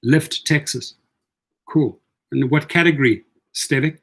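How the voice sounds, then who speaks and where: A rideshare coach gives casual advice on a livestream, reading viewer comments aloud and answering them chattily while often repeating words. His voice is a little high and his pace measured.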